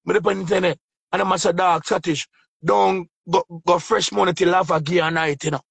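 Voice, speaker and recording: High, insistent Jamaican man on a call. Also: fairly quick, gravelly, slightly rough, dry recording. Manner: excited, insistent, repeats himself. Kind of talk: casual livestream banter.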